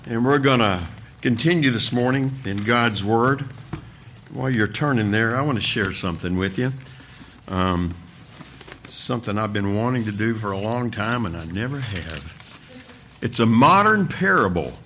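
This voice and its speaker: A man, a pastor, reading a story aloud with expressive delivery during a sermon. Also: on the low side, moderate pace, slight background noise. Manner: expressive storytelling, voices the characters.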